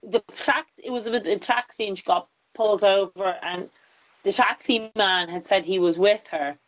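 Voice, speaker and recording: A woman's voice: medium pitch, normal speed. A woman hosting a casual talk show, ranting in an indignant, exasperated way. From Ireland. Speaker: host. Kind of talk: casual chat.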